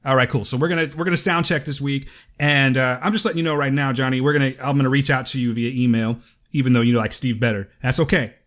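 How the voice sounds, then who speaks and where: Brief: man, casual podcast co-host, mid-pitched, profane and easygoing. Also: steady tone, fast talker, fairly bright tone. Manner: profane, laughs easily, rambling. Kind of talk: casual chat.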